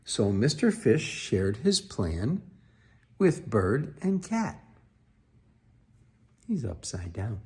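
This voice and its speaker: A lively, unhurried man reading a picture book aloud. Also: mid-range voice. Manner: expressive, with playful sound effects. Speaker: children's book reader. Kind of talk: storybook read-aloud.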